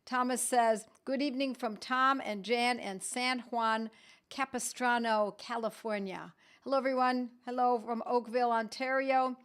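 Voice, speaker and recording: Woman host, middle-aged, fairly high voice, warm and chatty greeting her viewers live. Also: steady tone, normal speed, clean tone. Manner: chatty, reads out viewer comments with laughs. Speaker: host of a weekly live stream. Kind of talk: casual live-stream greetings.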